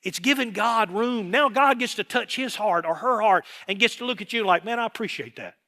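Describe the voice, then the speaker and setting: A middle-aged man preaching a sermon as pastor, animated, acting out voices and quotes as he goes. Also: high voice, moderate pace. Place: worship hall.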